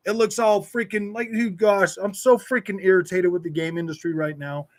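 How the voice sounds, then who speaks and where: A man's voice: high voice, fairly even intonation, normal speed, hardly any pauses. A man hosting a gaming livestream, ranting in frustration with lots of stammered restarts while reading chat. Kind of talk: ranting live stream chat.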